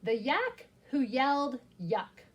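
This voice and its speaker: Woman teacher, story-time reader for young children; slow, animated, bright and high-pitched. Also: slightly rough. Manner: expressive and animated, explaining words slowly and simply. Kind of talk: reading a picture book aloud to young children.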